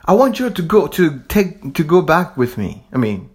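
A man's voice: on the high side, sing-song, moderate pace. A man from Africa giving a fervent, repetitive monologue, swearing casually as he preaches. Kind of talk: impassioned monologue.

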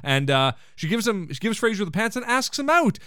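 A man's voice: sits high, big pitch swings, a little fast, bright, forceful tone, no echo, studio quality. A young man hosting a podcast, recapping a sitcom episode in an irreverent, joking way with crude asides. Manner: irreverent, crude jokes, breezy paraphrasing of scenes. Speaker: podcast host. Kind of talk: casual comedic episode recap.

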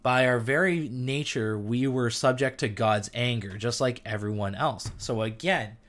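A young man hosting a casual Bible talk who keeps getting excited, interrupting himself and reading verses aloud. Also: mid-range voice. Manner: enthusiastic, gets amped and self-interrupts. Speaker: podcast host.

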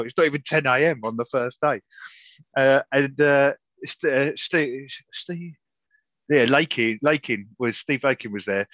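A man's voice: medium pitch, fairly bright tone, no room sound, lo-fi sound. A man hosting a casual chat, telling rambling stories with many restarts and chuckles. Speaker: podcast host, interviewer.

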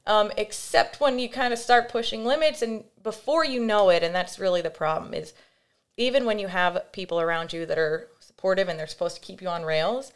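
Speaking at a medium pitch and a brisk pace, a young woman on a podcast opens up with a frank personal story. She's lively and informal, filling her speech with fillers and playing out the voices of people she quotes.

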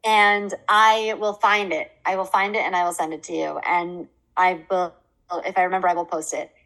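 A young woman co-hosting a podcast in casual chat, bubbly and quick to laugh. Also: lowish voice, rough recording. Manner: bubbly, laughs often, quotes people in animated bursts. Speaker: podcast co-host.

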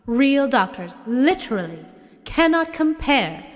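A woman's voice: high-pitched, very animated, slow, long reverb tail, heavily acted. A woman playing a gushing, over-the-top female awards-show co-host.

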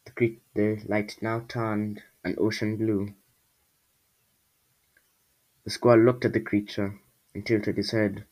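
A man's voice: lowish voice, level tone, takes it slowly, pauses often, darkish tone, rough recording. A man reading his own storybook aloud in a casual way, breaking off for jokey asides to his listeners. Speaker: storybook reader.

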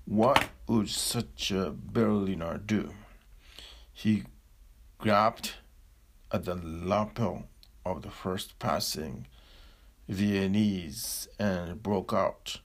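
A man with a low voice gives a slow, deliberate philosophical discourse like a spiritual teacher, leaving long pauses.

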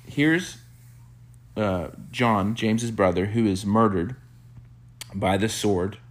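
Man preaching, low voice, animated storyteller, hushed reflective asides. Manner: animated storyteller, acts out quotes with sudden high-pitched bursts; drops to a soft hushed voice for reflective passages. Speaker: pastor. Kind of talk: sermon.

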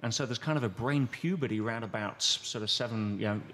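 A man's voice: lowish voice, fast talker, a little hiss or hum. A man as a podcast guest, explaining at length in a conversational way and acting out quoted voices as he goes. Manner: animated, acts out quoted voices.

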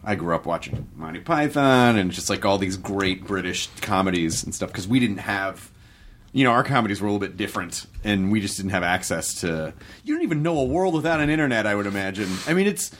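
A man's voice: lowish voice, expressive, a little fast, fairly bright tone, slight background noise. A man hosting a podcast, asking questions in casual chat with jokey asides. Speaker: podcast host.

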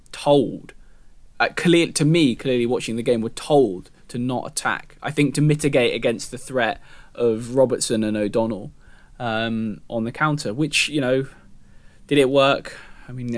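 A man, a football journalist, chatting on a football podcast and hedging his opinions with frequent "I think". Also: medium pitch. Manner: thoughtful, hedging with "I think" and "you know". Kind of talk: casual football podcast chat.

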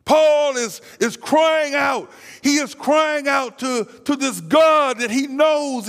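A man preaching an impassioned sermon, dropping to a hush and then crying out, often repeating words. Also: extremely high pitch, slow pace, long reverb tail.

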